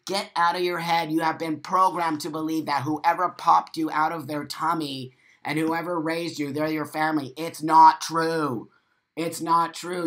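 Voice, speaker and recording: A man's voice: a little high, sharp tone. A middle-aged man hosting a casual live stream, reading viewer comments aloud and answering in a blunt, profane, emphatic way.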